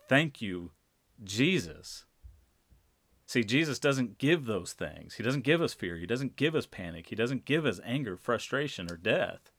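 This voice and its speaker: A man preaching a sermon, speaking deliberately and repeating key phrases for emphasis. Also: mid-range voice, very animated, dry recording. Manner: slow, deliberate, emphatic repetition.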